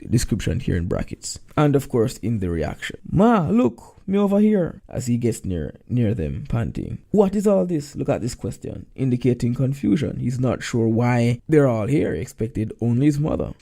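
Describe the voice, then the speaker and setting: Male teacher, gravelly and mellow, chatty walkthrough of past-paper answers. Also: medium pitch, animated, moderate pace, few pauses. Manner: conversational, reads quoted lines aloud, asks rhetorical questions. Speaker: exam prep teacher.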